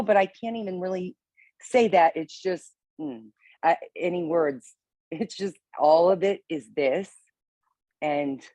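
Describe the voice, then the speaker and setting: A woman sharing casually on a video call, halting and rambling, swearing and laughing as she talks. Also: fairly low pitch, warm tone, dry recording, highs cut off. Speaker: meeting participant.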